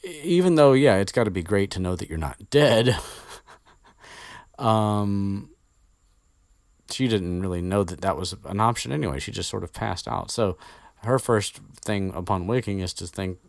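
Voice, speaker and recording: A man's voice: deep voice, a little slow, gravelly, long pauses, no room sound. A man casually retelling a story as podcast host, rambling with swearing and many fillers, close to the mic.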